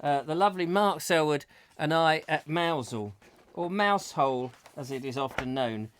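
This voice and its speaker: A man's voice: fairly high pitch, normal speed, fairly bright tone. Jokey male chat show host. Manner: jokey, rambling, self-mocking. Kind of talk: comic live chat show.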